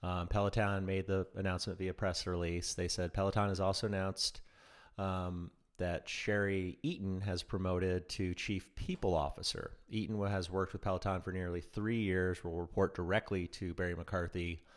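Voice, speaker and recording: A man's voice: sits low, little pitch movement. A man co-hosting a casual news podcast, reading news with frequent ums and restarts. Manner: halting, many ums and restarts. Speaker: podcast co-host.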